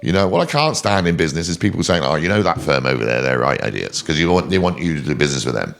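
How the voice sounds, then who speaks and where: A man, a podcast guest and company chairman from England, chatting casually in a studio and telling animated, laugh-filled anecdotes. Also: extremely low pitch, fast, creaky. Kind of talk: casual storytelling chat. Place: recording studio.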